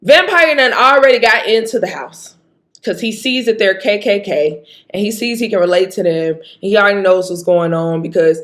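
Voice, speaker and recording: A woman with a Mississippi accent talks through a movie review in an animated, chatty way. She leans hard on words for emphasis and laughs easily. Her voice sits in a middle pitch. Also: normal speed. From Jackson, Mississippi. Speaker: vlogger.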